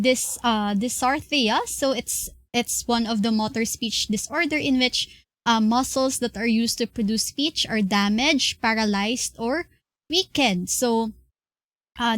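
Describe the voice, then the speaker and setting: A young woman with a Filipino accent giving an online class lecture, explaining slowly with many fillers and restarts. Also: on the high side, a bit bright, no room sound. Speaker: class presenter.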